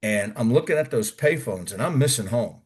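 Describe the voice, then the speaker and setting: Crowd noise sits behind a medium-pitched, animated man talking at normal speed. A retired Army Ranger from the US, middle-aged, he tells casual basic training stories as an interview guest, swearing and impersonating others.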